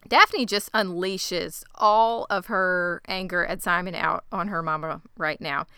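A woman's voice: fairly low pitch, normal speed, few pauses, bright, forceful tone, smooth, no room sound, clean studio sound. A woman co-hosting a casual recap chat, chatty and acting out quotes with laughs. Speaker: podcast co-host.

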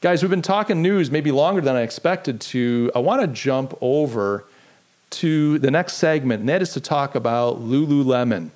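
A man's voice: mid-range voice, expressive, moderate pace, a little mellow. Rambling man hosting a live podcast. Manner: rambling, self-deprecating, talks to live chat. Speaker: podcast host. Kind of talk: live-streamed casual commentary.

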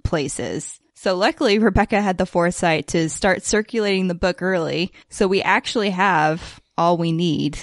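A woman's voice: fairly low pitch, moderate pace, hardly any pauses, dry recording, studio quality. A woman co-hosting a casual podcast chat, steadily explaining and steering the conversation. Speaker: podcast co-host.

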